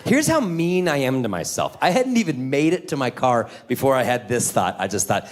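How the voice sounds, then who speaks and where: A man in his forties doing a stand-up comedy set on stage, telling animated, self-deprecating stories. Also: medium pitch, brisk, hardly any pauses. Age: 40s.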